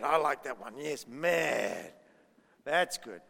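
A man's voice: on the high side, very animated, measured pace, vocal fry, a bit bright, in a large hall. A man giving a playful children's talk at church, asking the kids lots of questions. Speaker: children's minister.

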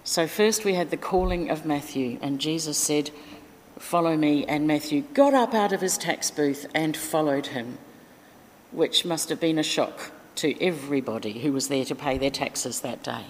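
Woman preacher, low voice, casual sermon delivery, long church reverb. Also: normal speed, a little hiss or hum. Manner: chatty, informal, with fillers and asides.

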